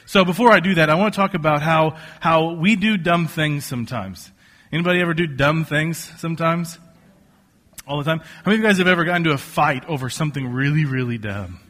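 Bright-voiced joking pastor man. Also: fairly high pitch, a little fast. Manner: conversational, joking, animated storytelling. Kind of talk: sermon. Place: church stage before a congregation.

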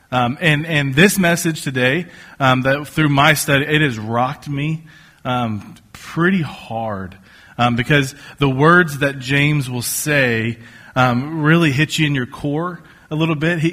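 A male pastor with a bright, slightly high voice tells a sermon story with jokes. He talks loosely, full of ums and restarts. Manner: joking, storytelling, many fillers and restarts.

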